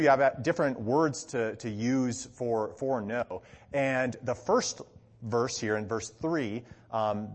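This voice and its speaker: A man's voice: mid-range voice, slightly rough. A man giving a conversational teaching sermon as a pastor, often checking in with the congregation and stressing key words with animation. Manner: conversational, frequent "okay?" check-ins, animated emphasis. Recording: long hall reverb.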